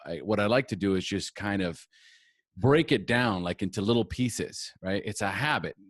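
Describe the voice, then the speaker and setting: A man hosting a podcast interview as a coach, talking in a halting way with frequent restarts and tag questions. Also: on the low side, no room sound, studio quality. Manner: halting, restarts often, tags "right?". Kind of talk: casual interview conversation.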